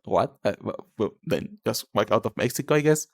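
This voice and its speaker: A man's voice: mid-range voice, lively intonation, normal speed, vocal fry, no echo, clean studio sound. Affectionate man streaming. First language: Spanish. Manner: affectionate, calls viewers darling and cutie; frequent restarts and fillers. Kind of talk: live-stream chat with viewers.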